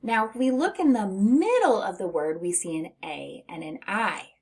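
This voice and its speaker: A woman's voice: mid-range voice, expressive, darkish tone. Encouraging woman teaching phonics. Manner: patient, encouraging, stretches words and sounds out slowly; laughs lightly between steps. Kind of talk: slow, clear phonics lesson for young children.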